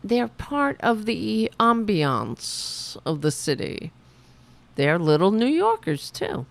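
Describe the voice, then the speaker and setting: Gravelly, lively woman show host. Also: medium pitch, slow pace. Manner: animated, sarcastic storytelling with profanity. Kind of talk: casual livestream chat.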